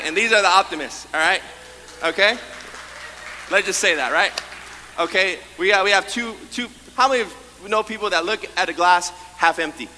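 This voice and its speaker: Bright-voiced preacher in a reverberant hall. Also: male voice, high voice, slight background noise. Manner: animated preaching that acts out the congregation's voices. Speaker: pastor. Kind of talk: sermon. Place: church sanctuary. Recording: long hall reverb, faint room ambience.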